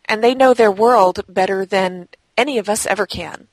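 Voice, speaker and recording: A woman co-hosting a gaming podcast in casual chat, talking in a lively, chatty way. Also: mid-range voice, normal speed, no room sound, rough recording. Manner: chatty, laughs easily. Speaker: podcast co-host; game blog writer. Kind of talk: casual chat about games.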